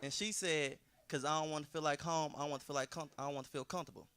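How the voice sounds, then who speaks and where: A man's voice: a little high, fairly even intonation, racing, fairly bright tone, smooth. A man doing a laid-back, self-deprecating stand-up comedy set in a club.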